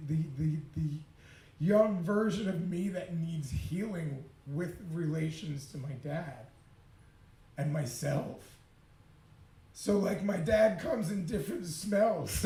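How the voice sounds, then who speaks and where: A man with a fairly high, darkish voice shares a confessional personal story, emotional and unfiltered, packed with profanity and quick laughs. The recording is roomy, with a clear echo around him.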